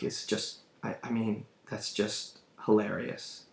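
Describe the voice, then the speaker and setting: A man's voice: fairly low pitch, level tone, measured pace, gravelly. A man lecturing on a play, thinking aloud as he goes, searching for words and restarting his sentences. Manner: thoughtful, searching, with fillers and restarts. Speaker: literature lecturer. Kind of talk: recorded lecture. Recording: roomy echo.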